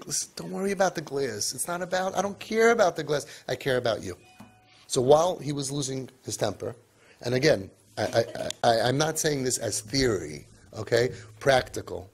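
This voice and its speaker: A man lecturing parents, emphatic, tossing in asides and Yiddish and Hebrew words, his pitch and loudness swinging for emphasis. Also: expressive, brisk, breathy edge. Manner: emphatic, with many asides of "right?" and "okay?". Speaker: parenting speaker.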